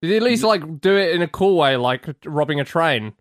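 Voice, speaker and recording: Podcast co-host, man, wisecracking, swears freely, a touch higher pitched, dry mic. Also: expressive, a little fast, dry recording. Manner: joking, profane, throws in mock quotes. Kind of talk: casual chat.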